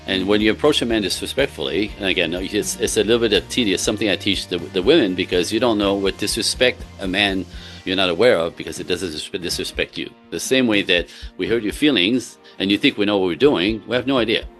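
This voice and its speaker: Earnest low-voiced man coaching couples. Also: fast, a bit bright, soft background music. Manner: earnest, emphatic, laughs between points. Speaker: relationship coach for men. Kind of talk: casual podcast talk.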